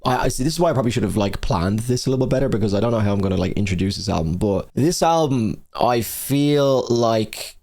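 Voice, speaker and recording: A man's voice: medium pitch, expressive, fast, few pauses, darkish tone. A young man counting down his favorite albums in a casual, rambling way, full of fillers and swearing. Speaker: music reviewer.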